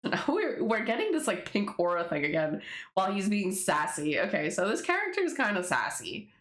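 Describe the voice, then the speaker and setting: A woman's voice: medium pitch, huge pitch swings, brisk, a bit bright. Rambling, casual woman in a roomy space. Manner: rambling, swearing, laughing asides. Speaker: webtoon creator. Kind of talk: casual commentary reading a comic. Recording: roomy echo.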